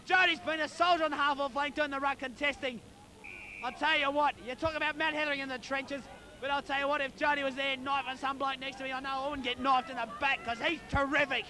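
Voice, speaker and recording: A man with a very high voice calls a local footy match, barracking hard for his side and yelling advice at the players. He is outdoors at a suburban ground, recorded on amateur video with traffic in the background. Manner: partisan, shouts encouragement to players. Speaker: club commentator. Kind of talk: amateur football commentary.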